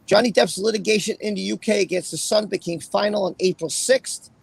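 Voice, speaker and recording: A man hosting a casual livestream with a raspy voice, chatting and then reading a court opinion aloud in a rambling way. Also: high voice, brisk, no echo. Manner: rambling, chatty, with fillers and repeated phrases. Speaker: livestream host.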